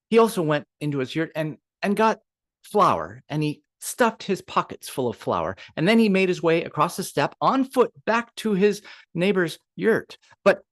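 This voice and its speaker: A man telling a folktale aloud to a storytelling group, expressive and acting out the scenes. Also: a little high. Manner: lively, expressive, acts out voices.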